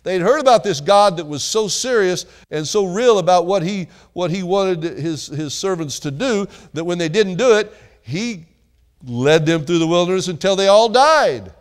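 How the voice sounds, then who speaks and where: A man's voice: sits high, lively intonation, normal speed, smooth. A man preaching a sermon in a conversational, folksy way, with asides and calls for amens to the congregation. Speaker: pastor.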